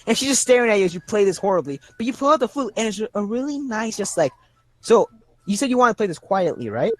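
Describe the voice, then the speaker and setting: A man narrates a tabletop game as its game master, talking over a video call. His delivery is halting and rambling, full of fillers, while his pitch swings widely. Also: sing-song, no room sound.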